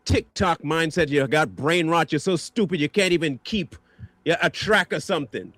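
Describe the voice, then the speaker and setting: High voiced guy ranting and trashing people on his stream, super dry sound. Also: moderate pace, fairly bright tone, no echo. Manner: insulting, mocking rant. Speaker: stream host. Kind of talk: angry reaction commentary.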